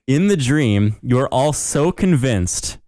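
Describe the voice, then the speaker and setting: A man's voice: medium pitch, sing-song, drawn-out words, gravelly, mellow, no echo, studio quality. A young man co-hosting a podcast in casual chat, reading a listener email aloud and laughing often. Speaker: podcast co-host.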